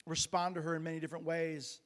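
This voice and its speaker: A man's voice: a little high, little pitch movement, fast, big-room sound. A man preaching a sermon as pastor, retelling a Bible story in a conversational way with frequent restarts and fillers. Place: church sanctuary.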